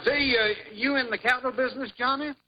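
A man's voice: very high voice, steady tone, fairly quick. An actor playing a folksy, dim-witted male Texas cattleman with a Texan accent and a hearty drawl, in 1940s radio comedy style. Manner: drawling, hearty, good-natured. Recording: lo-fi old radio broadcast, loud hiss.

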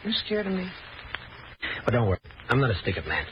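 An actor playing a smooth-talking, evasive young con man on the run in an old radio drama. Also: mid-range voice, huge pitch swings, fast. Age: young adult. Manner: glib, evasive, sly. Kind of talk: 1940s radio acting. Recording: dull old radio recording with hiss.

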